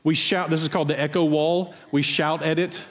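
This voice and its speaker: A man's voice: on the high side, little pitch movement, fairly quick, in a large hall, noisy background. A man preaching a sermon, explaining a passage in a conversational way and asking his listeners pointed questions. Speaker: pastor. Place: church sanctuary.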